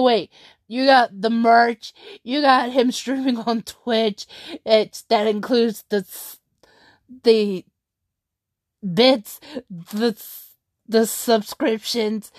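Slow-talking, excitable woman vlogger. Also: a little high, no echo, clean studio sound. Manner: excitable and rambling, with frequent laughter and restarts. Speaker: streaming commentator. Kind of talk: casual vlog commentary.

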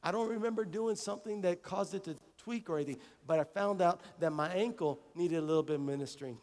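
High-voiced man preaching in a church. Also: quick pace, a little mellow, in a large hall. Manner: conversational preaching with repeated phrases and acted-out dialogue. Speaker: pastor. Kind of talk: sermon. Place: church sanctuary.

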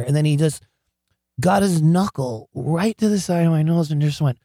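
A man telling wild stories in an interview, excitable and profane, stammering, laughing often and breaking into loud shouts. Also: on the high side, moderate pace, no echo, clean studio sound. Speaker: guest, rock singer. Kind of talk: animated storytelling in an interview.

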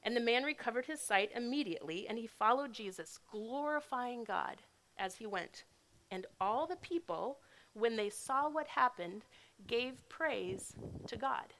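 A woman's voice: a little high, lively intonation, a little slow, a bit bright. A woman giving a sermon in a casual, conversational way. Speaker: speaker.

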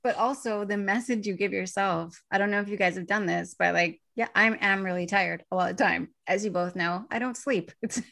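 A woman's voice: mid-range voice, a little fast, vocal fry, few pauses, a bit bright. A young woman hosting a casual talk show, chatting freely, laughing often and acting out quoted lines. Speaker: podcast host. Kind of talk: casual chat.

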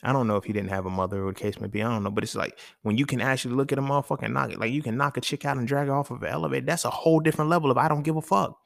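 Gravelly man with AAVE speech. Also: medium pitch, very fast, hardly any pauses, dry recording, clean studio sound. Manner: casual, conversational, emphatic, profane. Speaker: podcast host. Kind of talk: solo podcast monologue.

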